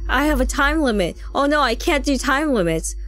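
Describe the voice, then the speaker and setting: A woman's voice: high voice, expressive, normal speed, a bit bright, faint music behind. A young woman streaming a game, talking to herself in a panic and repeating the same words over and over. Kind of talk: live gameplay commentary.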